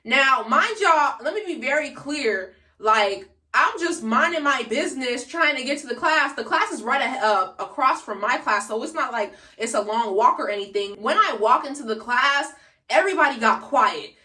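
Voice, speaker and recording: A young woman in her late teens tells her viewers a story in a chatty, slangy casual storytime vlog recorded on a phone camera. Her high, pushed, bright voice has lively intonation and a moderate pace, and she sits away from the mic in an echoey room.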